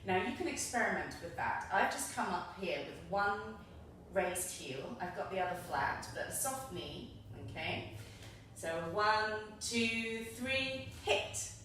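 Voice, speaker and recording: A woman's voice: lowish voice, lively intonation, normal speed, a bit bright, recorded from a distance, slight background noise. Encouraging woman teaching dance in an echoey room. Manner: upbeat and encouraging, counting out beats. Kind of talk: instructional dance tutorial.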